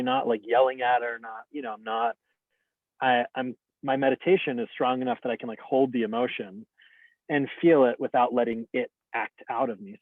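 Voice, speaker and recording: A man's voice: mid-range voice, no room sound. A man who teaches meditation, speaking in an earnest, open and reflective way, with many casual fillers as he shares personal experience. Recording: dry, tinny phone-like line.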